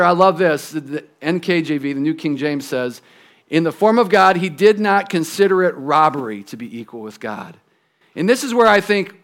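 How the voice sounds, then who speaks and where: A man preaching a sermon in a conversational, emphatic way, dropping to a hush on key phrases. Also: high-pitched. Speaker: pastor.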